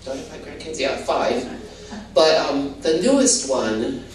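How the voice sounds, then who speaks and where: A woman's voice: deep voice, very animated, unhurried. An older woman from Hawaii, telling her testimony in a rambling, casual way full of "you know" and restarts. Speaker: guest giving a testimony. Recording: roomy, distant mic with faint background noise.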